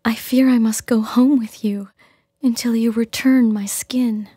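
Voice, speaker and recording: A sorrowful young seal maiden, as a woman reader plays her, pleading through choked-back tears. Her voice is lifted higher than the narration but stays breathy and whispery. It sits close and dry on the mic. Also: fairly even intonation, measured pace, dark tone, no echo. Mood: resigned. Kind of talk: storybook character voice.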